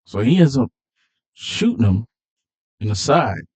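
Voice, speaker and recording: A man's voice: medium pitch, big pitch swings, a little slow, a little mellow. A man casually retelling a film's plot, animatedly acting out the characters' lines in a raised voice. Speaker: movie commentator.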